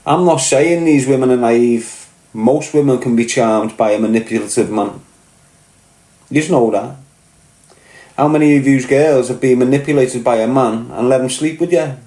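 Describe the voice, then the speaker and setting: Scouse fella ranting to his podcast audience, blunt and sweary, middle pitch, bit of room echo. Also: normal speed, mellow. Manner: blunt, swearing, keeps asking "do you get what I'm saying". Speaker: podcast host. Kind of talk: casual monologue to camera.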